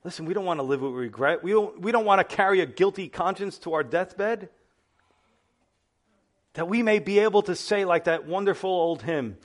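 Pastor guy preaching hard, a bit high voice, goes soft then loud. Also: animated, moderate pace. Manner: impassioned preaching, swinging between hushed and loud. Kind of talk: sermon.

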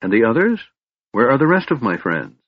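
A man's voice: mid-range voice, sing-song, brisk, breathy edge, no echo. A man voicing an anxious young elf woman. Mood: pleading. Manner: anxious, pleading. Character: young elf woman, troubled reluctant leader. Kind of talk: audiobook reading. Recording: dull dry recording.

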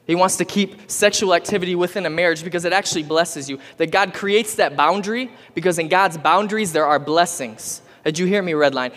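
A man's voice: a little high, brisk, few pauses, a bit bright. A man giving a youth sermon, urging the audience to respond and repeat after him. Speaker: youth pastor. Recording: long hall reverb.

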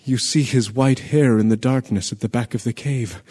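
A man's voice: medium pitch, normal speed, dark tone, slightly rough, lightly acted. A man voicing a messenger who vividly recounts a tragedy in a radio drama. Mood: urgent. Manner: vivid storytelling. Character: urgent male messenger telling of tragedy.

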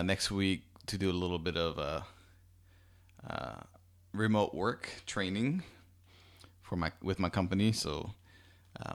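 An American man hosting his own podcast, chatting in an easygoing, rambling way with plenty of fillers and restarts. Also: low voice. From United States. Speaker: podcast host. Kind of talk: casual solo podcast chat.

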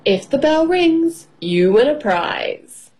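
A woman's voice: sits high, sing-song, slow, a little mellow, voice pushed up, exaggerated voice, low-quality recording. A woman voicing a boastful, teasing bull who runs a fairground stall while reading a storybook aloud.

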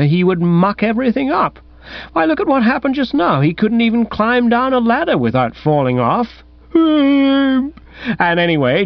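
A man narrating a comic first-person story in a wry, animated storytelling manner. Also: fairly high pitch, no echo. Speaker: audiobook narrator. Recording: dull, dry recording.

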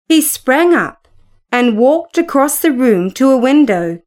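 A woman narrating a classic story aloud in a measured, unhurried storytelling manner. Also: a little high, sing-song, darkish tone. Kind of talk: storybook reading.

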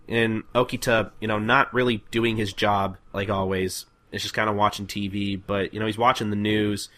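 A man's voice: lowish voice, steady tone, fairly quick, hardly any pauses, a bit bright. A young man hosting a podcast in casual chat, laughing easily and making apologetic asides. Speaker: podcast host.

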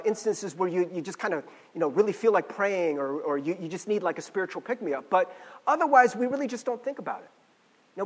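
A man with a notably high voice gives a classroom lecture, his pitch swinging widely as he talks. He keeps it conversational and often asks the room a quick "right?". His voice rings out with a long hall reverb. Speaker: teacher.

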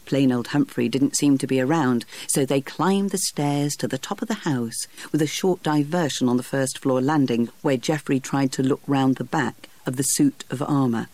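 A narrator reading a storybook aloud in a lively, expressive way. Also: medium pitch, normal speed, few pauses, no echo.

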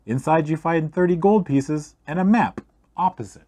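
A man reading a fantasy gamebook aloud in a steady storytelling voice, speaking to the listener as "you". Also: on the high side, moderate pace. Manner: steady storytelling read-aloud, second person. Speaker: game reader.

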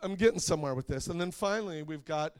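A man preaching to a congregation in a relaxed, conversational sermon. He keeps it light with jokes and asks his listeners questions as he goes. His voice sits a little higher than most men's. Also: fast, clean tone. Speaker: pastor.

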